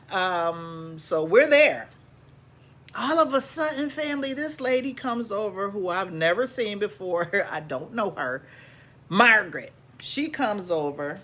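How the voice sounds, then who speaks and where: A woman casually telling her own life story to viewers, animated and repeating lines for emphasis, calling her listeners family. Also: on the low side.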